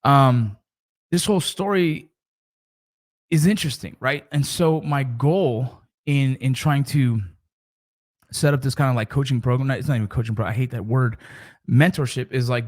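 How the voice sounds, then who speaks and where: A man's voice: medium pitch, darkish tone. A middle-aged man and father talking casually to camera about mentoring, in a rambling, conversational way with frequent restarts.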